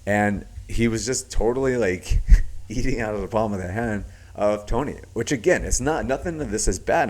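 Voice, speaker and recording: A young man giving casual, reflective commentary as a podcast host, with lots of filler words and acted-out quotes. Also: lowish voice. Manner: reflective, heavy use of filler words, acts out quoted voices.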